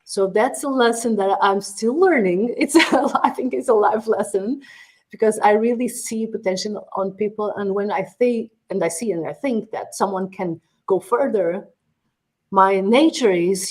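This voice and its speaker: Middle-aged Portuguese woman, accented English, mid-range voice, chatty expressive guest with frequent restarts. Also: mid-range voice, moderate pace. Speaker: guest, media training executive. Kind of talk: casual interview answers.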